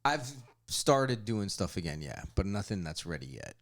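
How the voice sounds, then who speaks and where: A man's voice: on the low side, very animated, moderate pace. A man guesting on a comedy podcast, talking candidly and swearing casually. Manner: candid, swears often, laughs at himself. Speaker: podcast guest co-host, music video director.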